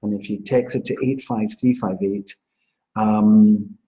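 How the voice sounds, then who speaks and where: A man's voice: lowish voice, fairly even intonation, unhurried, warm tone. A man hosting a live stream as a psychic astrologer, greeting viewers by name in a chatty way and giving card readings. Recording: dull lo-fi live-stream audio.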